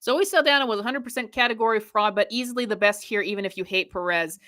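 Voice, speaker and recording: A woman's voice: medium pitch, fast, sharp tone. A young adult woman hosting a live stream, giving opinionated reaction commentary in a rambling way with frequent restarts.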